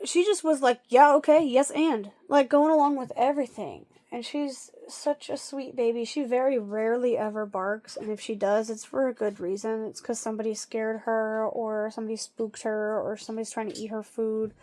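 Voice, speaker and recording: Young woman vlogger, slightly high voice, chatty phone-recorded talk with soft cooing asides. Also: steady tone, moderate pace, few pauses. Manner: chatty, drops to soft coos and whispers with her dog. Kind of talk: casual vlog chat. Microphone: phone held by a strap.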